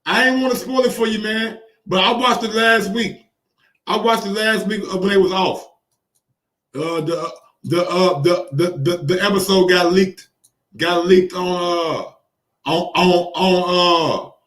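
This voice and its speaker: A man with a high voice hosts casual boxing commentary, talking in an excitable, profane way and circling back over the same phrases. He sounds set back from the mic in a roomy, echoing space. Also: takes it slowly, far from the mic. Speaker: boxing commentary channel host.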